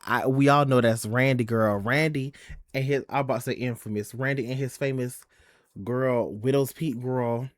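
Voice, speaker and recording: A man's voice: medium pitch, steady tone, moderate pace, dry recording. A young man live-streaming in a sassy, chatty way, swearing a lot and calling his viewers "girl" and "y'all.". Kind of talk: casual live-stream chat.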